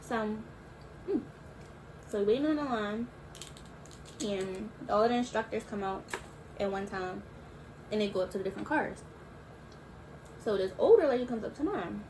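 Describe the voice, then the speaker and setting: A young woman in her early twenties chatting casually as a YouTuber, telling a storytime in a relaxed, slangy way with drawn-out asides. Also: mid-range voice, a little hiss or hum, poor audio. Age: young adult.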